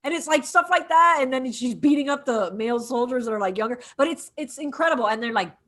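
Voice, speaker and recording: A woman co-hosting a relaxed film podcast, talking with lots of energy and slipping into characters' lines as she retells scenes. Her voice sits on the higher side and jumps around in pitch a great deal. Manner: animated, acts out characters' lines in quick bursts. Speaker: podcast co-host. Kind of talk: casual film discussion over drinks.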